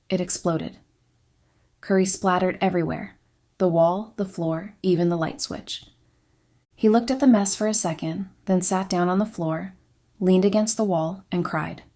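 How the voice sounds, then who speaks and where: A woman reading a scripted first-person confession in a quiet, subdued, steady way. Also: lowish voice. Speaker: story narrator.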